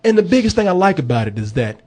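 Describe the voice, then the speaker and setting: Animated guy hosting a movie podcast, husky voice, swears and jokes a lot. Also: sits high, fast. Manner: animated, joking and profane. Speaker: movie review podcast host. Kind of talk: casual chat.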